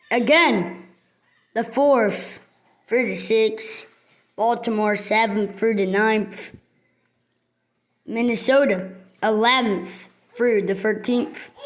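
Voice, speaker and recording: Slow and somewhat high-voiced, with a slightly bright quality, a woman hosting a sports video goes through a schedule one item at a time. The casual rundown comes out halting and list-like.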